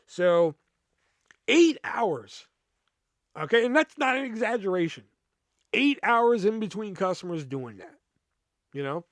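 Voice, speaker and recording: Male podcast host with a fairly high voice, ranting through a personal story, lots of cursing and fillers. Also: very animated, a little slow, long pauses, no echo. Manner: profane, heated storytelling with fillers.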